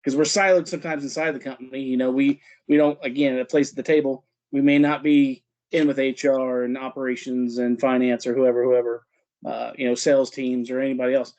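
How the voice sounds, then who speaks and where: A man hosting an interview podcast, who talks in a halting way and repeats words as he builds a point. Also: mid-range voice, little pitch movement, darkish tone. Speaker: podcast host. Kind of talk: casual interview chat.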